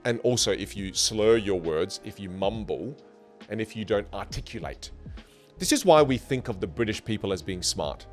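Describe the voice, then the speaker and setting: A man's voice: on the low side, animated, normal speed, soft background music. A man teaching communication skills in a studio, talking energetically and emphatically, with playful jumps in his voice. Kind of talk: online lesson to camera.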